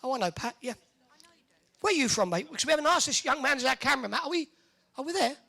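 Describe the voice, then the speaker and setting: A tournament MC, joking and teasing the audience during crowd warm-up banter in an indoor arena. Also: high-pitched, expressive, fast, creaky.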